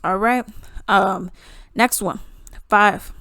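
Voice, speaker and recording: Blunt, animated woman commenting. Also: mid-range voice, very slow, smooth, no room sound, studio quality. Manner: blunt, animated, acts out quotes in voices. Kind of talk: casual commentary.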